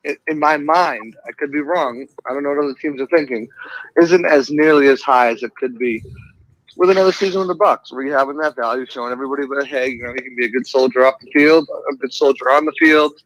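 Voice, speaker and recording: A man with a Boston accent, a guest writer talking sports in a measured, laid-back way. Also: mid-range voice, fairly bright tone, poor audio. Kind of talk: casual sports talk.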